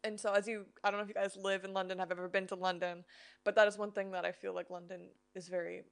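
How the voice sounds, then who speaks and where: A woman's voice: medium pitch, level tone, quick pace, creaky, smooth. Chatty female podcast co-host. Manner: chatty, explains simply, frequent "you know" and "right?". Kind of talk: casual faith-based chat.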